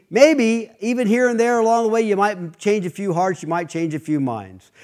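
Conversational male preacher, slightly high voice. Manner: conversational, anecdotal, with frequent restarts. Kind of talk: sermon.

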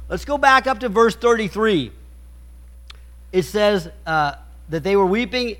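A man's voice: sits high, animated, a little slow, a bit bright. A man preaching a sermon, reading scripture aloud with stumbles and restarts, then explaining it with emphatic rhetorical questions.

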